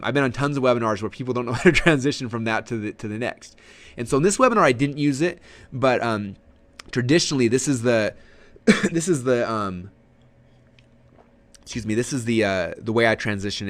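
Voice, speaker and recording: Energetic male marketing coach, rapid-fire webinar delivery, mid-pitched voice. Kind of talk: webinar teaching.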